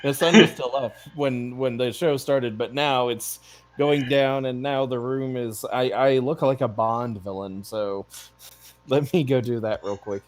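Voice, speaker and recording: A man's voice: mid-range voice, steady tone, unhurried. Easygoing man co-hosting from home. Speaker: show co-host. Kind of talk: casual chat. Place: room at home.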